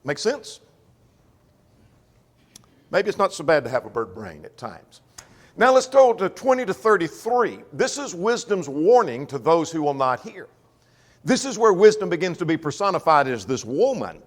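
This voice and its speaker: Man, Bible class teacher, folksy, lively up-and-down voice, long church reverb. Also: on the high side, moderate pace.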